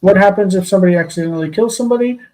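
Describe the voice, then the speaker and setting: A tired man teaching a live-streamed classical Hebrew grammar lesson, explaining patiently and slowly. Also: sits high, a little mellow, poor audio.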